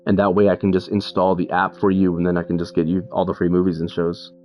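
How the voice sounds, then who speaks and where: A man's voice: sits low, flat delivery, quick pace, darkish tone. A man chatting casually with friends in a laid-back, hesitant way. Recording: muffled stream audio with game music.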